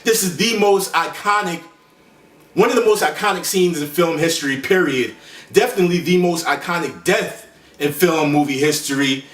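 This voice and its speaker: A man's voice: fairly high pitch, normal speed, fairly bright tone. A man hosting a casual movie countdown, rambling in slang with lots of fillers and self-corrections. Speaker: host. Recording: echoey room, voice far from the mic.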